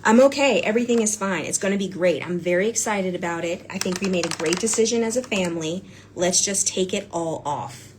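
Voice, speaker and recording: A woman chatting casually on a livestream while she paints, gushing, excitable and bursting into squeals, then dropping to whispers. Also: fairly low pitch, a little fast, few pauses, background noise.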